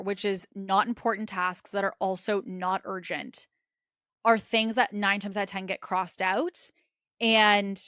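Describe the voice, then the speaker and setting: A woman's voice: mid-range voice, a bit bright, no echo, studio quality. A woman hosting a solo business podcast, coaching listeners step by step in a direct way and often checking in with "okay?".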